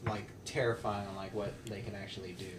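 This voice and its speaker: A man chatting on a podcast, talking in an animated, emphatic way with some swearing. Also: lowish voice, fast talker. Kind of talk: casual chat. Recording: echoey room with background noise.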